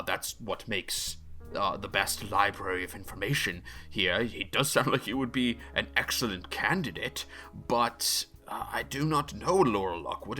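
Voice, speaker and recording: A man's voice: fairly low pitch, bright, forceful tone. A man voicing a fussy, hesitant old keeper of souls in a tabletop game. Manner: hesitant, politely evasive.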